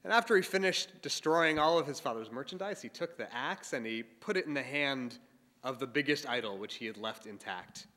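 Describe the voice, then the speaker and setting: A man speaking at an interfaith symposium, telling a religious story in a dramatic, animated way. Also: mid-range voice, a little fast, in a large hall. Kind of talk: storytelling speech.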